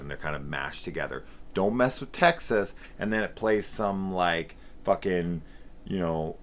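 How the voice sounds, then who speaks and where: Deep-voiced man in his forties, sarcastic profane reviewer, mock-quotes scenes; faint background hiss. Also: a bit bright. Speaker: film reviewer.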